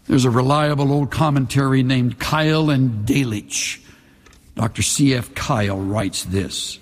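A man preaching a sermon, reading scripture in a measured, dramatic way with slowed emphasis. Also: medium pitch, in a large hall.

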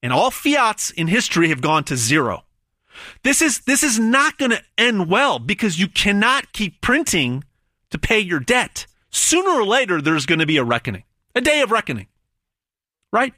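A man delivers a hard-sell promotional monologue for gold in a lively, swooping voice that's bright and forceful. He emphatically hammers words, stammers through repetitions and restarts, and pauses dramatically to stretch out big numbers. The sound is close and dry, with no room sound.

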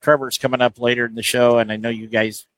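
A man's voice: mid-range voice, flat delivery, quick pace, dry recording, low-quality recording. A man hosting a casual interview at a golf show booth, asking easygoing, rambling questions.

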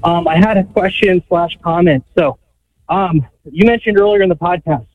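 A man's voice: high voice, moderate pace. A man calling in to a radio show, out of breath while working, asking his question earnestly with many fillers. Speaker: caller. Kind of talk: call-in radio talk. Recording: tinny phone line.

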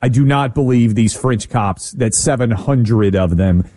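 A man's voice: mid-range voice, a little slow, warm tone. A man co-hosting a talk radio show, giving blunt opinions and joking about himself. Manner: blunt, opinionated, self-mocking. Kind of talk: casual talk radio banter.

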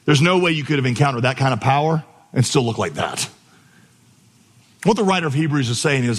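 Animated preaching man in a reverberant hall. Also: mid-range voice, normal speed, husky. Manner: animated storytelling, exclamatory. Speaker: pastor. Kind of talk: sermon. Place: church auditorium with stage.

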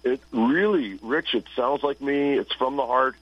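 A man's voice: medium pitch, measured pace, slightly rough, dry recording, muffled recording. A man, a blues musician and radio broadcaster, telling stories in a casual interview and acting out the people he quotes. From Toronto, Canada. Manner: animated storyteller who acts out quotes.

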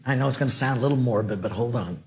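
A male preacher giving a sermon, animated and joking as he acts out the dialogue of his stories. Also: medium pitch, racing. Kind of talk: sermon with storytelling.

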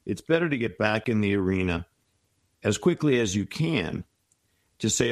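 A man's voice: fairly low pitch, expressive, normal speed, pauses often, no echo. A middle-aged man giving reflective, encouraging advice as an interview guest. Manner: reflective, encouraging, tells stories.

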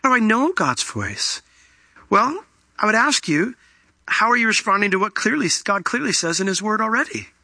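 A man preaching a sermon as pastor, animated and acting out little voices in the stories he tells. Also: high-pitched, moderate pace, vocal fry, dry recording. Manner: animated, acts out voices in quotes.

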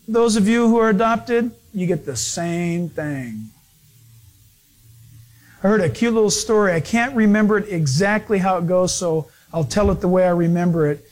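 A pastor giving a conversational sermon, telling everyday stories with lively animation and acting out the people in them. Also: male voice, high voice.

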